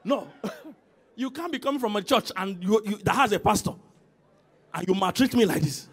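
A man preaching as senior pastor in a church, swinging from loud calls to quiet emphasis and asking the congregation to respond. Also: high voice, expressive, normal speed, slightly rough. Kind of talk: sermon.

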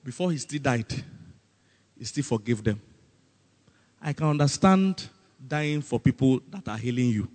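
A man with a Nigerian accent preaching a sermon as pastor, animated and often breaking into comic voices. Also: medium pitch, measured pace, long pauses, long reverb tail.

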